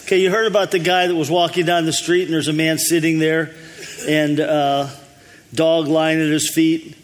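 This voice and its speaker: A man's voice: fairly high pitch, level tone, normal speed, big-room sound. A man, the lead pastor, telling folksy jokes to his congregation in an easygoing way. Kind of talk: telling jokes before a sermon. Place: church hall.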